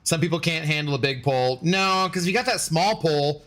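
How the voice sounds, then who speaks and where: Bright, tense-voiced male gaming streamer. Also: on the high side, moderate pace. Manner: jokey banter, answering chat. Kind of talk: casual live-stream chat.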